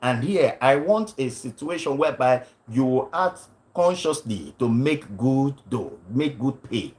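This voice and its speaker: A man's voice: medium pitch, very animated, measured pace, darkish tone. A man coaching acting on a livestream, stressing his points, repeating lines and often asking "you understand?". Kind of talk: livestream teaching talk.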